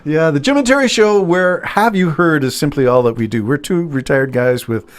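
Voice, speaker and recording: A man's voice: on the high side, moderate pace. A retired man co-hosting a casual talk show, joking and easygoing. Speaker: podcast co-host. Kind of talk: casual chat.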